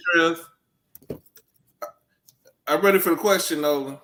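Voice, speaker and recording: A man hosting a casual chat panel, easygoing and quick to laugh. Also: fairly high pitch, background noise. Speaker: host.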